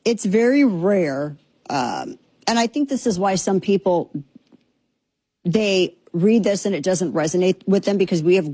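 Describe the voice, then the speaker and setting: A woman's voice: lowish voice, warm tone, husky, no echo. A woman hosting a commentary show, talking in an opinionated, sarcastic way and slipping into mocking impressions.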